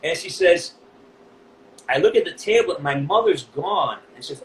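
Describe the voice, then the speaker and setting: A man's voice: a little high, animated, fairly bright tone. Emotional man telling a story in an echoey room. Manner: emotional, swears freely, halting restarts. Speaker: voice actor guest. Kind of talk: casual storytelling interview. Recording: echoey room with faint background noise.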